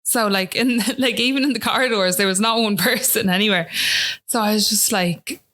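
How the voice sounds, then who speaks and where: A woman's voice: medium pitch, normal speed, a bit bright. A woman with an Irish accent, a podcast guest telling a personal story in a chatty way, often asking "do you know what I mean".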